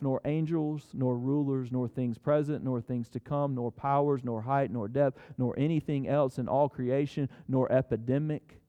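A man preaching a sermon to his church, moving from casual storytelling into loud, impassioned scripture reading. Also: a little high, clean tone, long reverb tail. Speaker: pastor.

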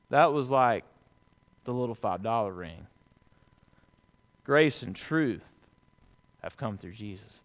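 A pastor preaches to his congregation in a folksy, conversational manner. He swings between loud, emphatic peaks and hushed, low lines.

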